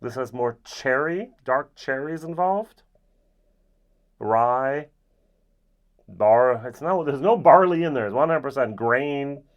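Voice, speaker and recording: A man's voice: medium pitch, slow, long pauses. Rambling man reviewing whisky, lo-fi sound. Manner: relaxed, rambling with frequent ums. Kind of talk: casual tasting review.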